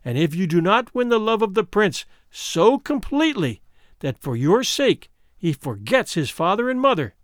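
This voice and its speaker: A man reading a storybook aloud and voicing a scheming old female sea witch in a slow, menacing delivery. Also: sits high, very animated, dry recording, studio quality. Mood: warning.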